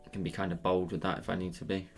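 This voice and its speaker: A deep-voiced man with a Scottish accent and a gravelly edge talks through a live digital painting tutorial. He is chatty and joking as he answers viewers between steps. Faint music plays softly behind him. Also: little pitch movement, very fast. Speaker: livestreaming digital artist. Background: faint background music.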